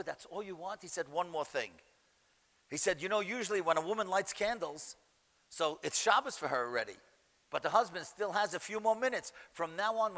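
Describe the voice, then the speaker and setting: A man, a rabbi, telling a story to an audience in a lively way and acting out the voices of the people in it. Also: high voice. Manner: animated storyteller acting out dialogue. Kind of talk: storytelling lecture. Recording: echoey hall reverb.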